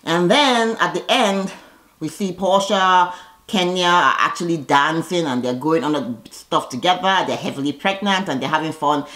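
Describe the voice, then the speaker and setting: A woman giving a casual recap of a reality TV episode, blunt, sassy and animated as she comments on the cast. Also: on the low side, normal speed.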